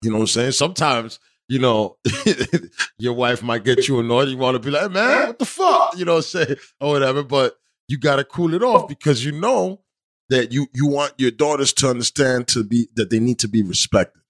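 A man's voice: medium pitch, normal speed. Frank, profane male podcast host. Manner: profane, peppers talk with "you know what I'm saying"; frank, preachy when giving advice. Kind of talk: casual chat.

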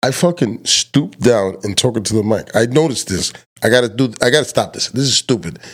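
Podcast host, man, loud and profane, swoops all over his pitch, casual banter. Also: lively intonation, a little fast, husky. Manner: loud, joking, swears freely, teases his guest. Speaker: truck driver.

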